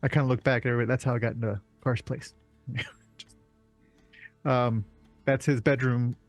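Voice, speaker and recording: A man's voice: mid-range voice, flat delivery, moderate pace, soft background music. A man playing a tabletop game, chatting loosely about his character's moves. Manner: loose, chatty, with fillers and laughs. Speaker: player. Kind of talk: casual play at a tabletop game.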